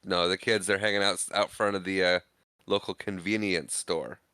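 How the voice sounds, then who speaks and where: A man with a low, bright, crisp voice chats through a movie recap, laughing easily as he retells the scenes. His voice is close and dry, with no room sound around it. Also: fairly even intonation, moderate pace, dry recording. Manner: laughs often, retells scenes with quoted lines. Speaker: podcast co-host. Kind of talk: casual movie recap chat.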